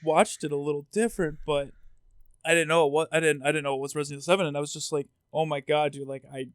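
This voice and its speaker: A man co-hosting a podcast, telling stories in an animated, rambling way with many restarts. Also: fairly high pitch, very fast, clean tone, dry recording, studio quality. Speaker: podcast co-host. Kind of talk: casual podcast chat.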